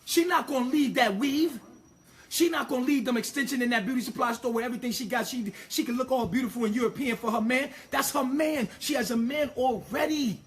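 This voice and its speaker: A man's voice: very high-pitched, brisk. A man delivering an impassioned, profane monologue, emphatic and ranting, tripping over repeated words as he pushes his point.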